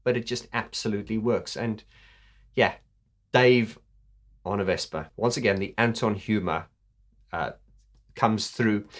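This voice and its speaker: A man hosting a casual video commentary, enthusiastic, laughing often, with many fillers. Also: fairly low pitch. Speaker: host.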